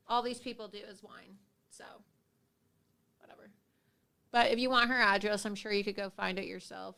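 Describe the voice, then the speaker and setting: A woman's voice: mid-range voice, steady tone, moderate pace, gravelly, pauses often, bright, forceful tone. A woman hosting a livestream of political commentary, speaking in a combative, sarcastic and scornful way. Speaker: host.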